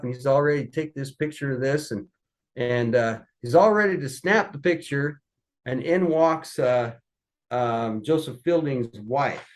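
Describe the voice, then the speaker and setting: Male guest, mid-pitched, spins folksy family stories with lively energy. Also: rough recording. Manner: folksy, lively storyteller acting out voices. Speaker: podcast guest. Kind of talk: anecdotal storytelling.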